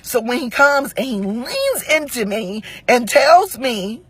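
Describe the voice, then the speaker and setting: Husky-voiced woman in her forties, ranting. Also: on the high side, very animated, unhurried, hardly any pauses, fairly bright tone, no room sound. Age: 40s. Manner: blunt, profane, emphatic storytelling. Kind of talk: heated monologue to camera.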